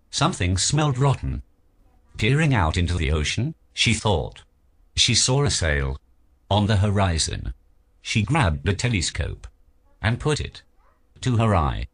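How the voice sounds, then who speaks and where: A man reading a children's picture book aloud as narrator, in an expressive storybook manner. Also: low voice, breathy edge.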